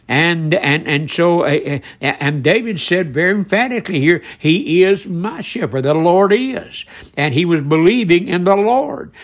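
A man preaching a sermon, earnestly asking his listeners direct questions and often restarting his sentences. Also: a little high.

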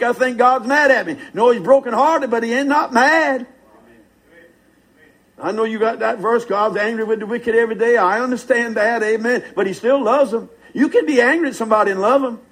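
High-voiced husky preacher. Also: male voice, rough recording. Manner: fervent, folksy preaching with call-and-response. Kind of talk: sermon.

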